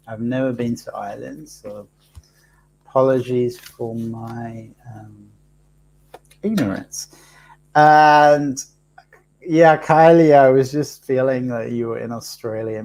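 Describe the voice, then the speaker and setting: A soft-spoken man hosting a live card reading, talking slowly and haltingly with many pauses and fillers. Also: mid-range voice, gravelly, slight background noise. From Africa. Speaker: host reading cards for live viewers.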